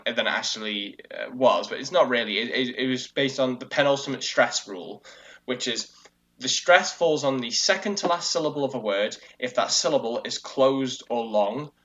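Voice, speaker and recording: A man co-hosts a casual discussion podcast, rambling through his points with constant fillers and restarts. His voice sits mid-pitch and comes through a dull, lo-fi recording. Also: normal speed. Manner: rambling, animated explaining with many fillers and restarts. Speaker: co-host. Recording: lo-fi dull audio.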